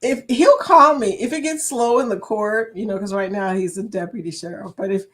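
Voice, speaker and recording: A woman hosts a relaxed live chat, greeting viewers by name and laughing often. Her voice sits at a medium pitch. She keeps a friendly, chatty flow. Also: moderate pace. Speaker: livestream chat host. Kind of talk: casual live-stream chat.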